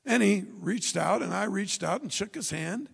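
A man preaching a fervent sermon, his raspy, gravelly voice pitched high and often raised to a shout. He moves between hollered exhortation and stories told to the congregation. The church around him rings with a long reverb. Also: animated, normal speed. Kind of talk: evangelistic sermon. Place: church sanctuary.

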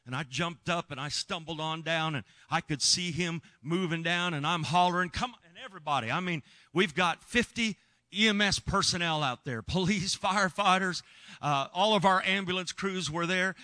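Earnest preacher, bright voice. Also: male voice, high voice, moderate pace, no echo. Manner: earnest, emphatic, shouts when reliving moments. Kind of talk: sermon storytelling.

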